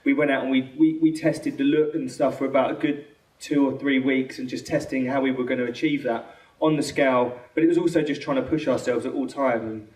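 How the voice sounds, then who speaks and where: A man with a London accent, a film director answering questions after a screening, talking quickly with many restarts and acted-out quotes. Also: mid-range voice, fairly even intonation, a little mellow. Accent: London English. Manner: fast, rambling, full of restarts and quoted dialogue. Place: cinema auditorium. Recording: echoey hall from far off.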